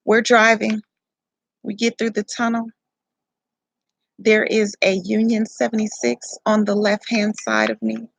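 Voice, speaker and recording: A young woman from casually telling her birth story, animated and profane, rambling with self-corrections. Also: medium pitch, a little slow, creaky, long pauses, poor audio.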